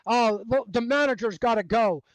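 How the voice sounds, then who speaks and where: A gushing sports fan, as a man mocks him, babbling about stats and trades in a high, eager voice. The sound is dry and close. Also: normal speed, no room sound, rough recording. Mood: excited. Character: excitable male sports fan, gossiping.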